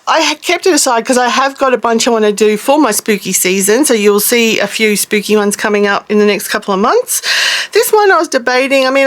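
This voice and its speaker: Chatty middle-aged woman, quick and rambling. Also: a little high, a bit bright. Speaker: craft channel host. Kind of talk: casual show-and-tell vlog.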